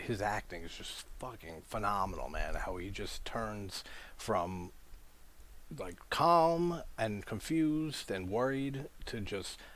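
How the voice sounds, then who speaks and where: A man with a very low voice talks through a horror sequel he loves. He is casual and enthusiastic, swearing freely and retelling scene after scene. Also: fairly bright tone. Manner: enthusiastic, swears casually, acts out quoted dialogue. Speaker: horror film reviewer. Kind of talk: casual film discussion.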